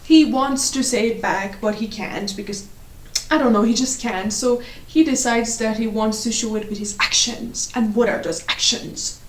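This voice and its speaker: A woman's voice: on the high side, moderate pace. A woman giving a ranting book review at home, exasperated and sarcastic. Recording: echoey room.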